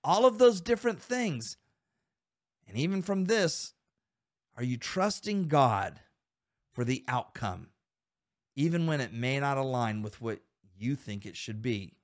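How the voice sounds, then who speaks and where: A man's voice: medium pitch, expressive, unhurried, long pauses. A man hosting a Christian men's podcast, earnestly exhorting listeners with rhetorical questions and calling them guys. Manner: calls listeners guys and men. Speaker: podcast host.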